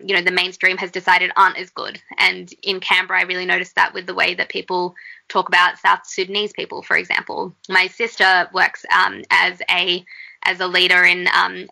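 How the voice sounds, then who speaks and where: Interview guest, woman, earnest and thoughtful, vivid tone with some fry. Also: lowish voice, bright, forceful tone, poor audio. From Australia. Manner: earnest and reflective, with fillers. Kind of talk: conversational interview.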